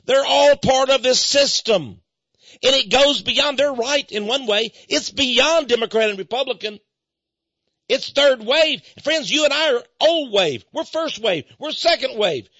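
A man's voice: extremely high pitch, lively intonation, unhurried, fairly bright tone, no room sound, lo-fi sound. A man hosting a talk radio show, reading passages aloud in a dramatic way and commenting with mock alarm. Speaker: radio host. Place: studio office.

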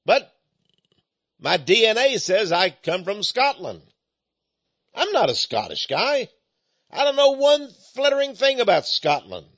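A man's voice: high voice, fairly bright tone, lo-fi sound. A man from Texas with an East Texan accent, giving a folksy, emphatic preaching monologue.

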